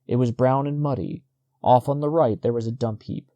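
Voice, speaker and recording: A man narrating a short story as an audiobook reader, in a steady, measured reading. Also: mid-range voice, no room sound. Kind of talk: scripted narration.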